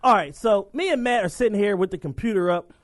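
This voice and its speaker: A man's voice: sits high, fast, no room sound. Joking young man, dry close sound. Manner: laid-back banter, joking asides. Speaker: podcast co-host. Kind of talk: casual chat.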